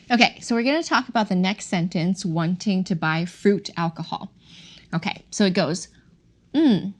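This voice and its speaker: A woman teaching a Chinese language lesson on a podcast, slowly modeling tones. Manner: slow, careful modeling of tones with lively pitch swings.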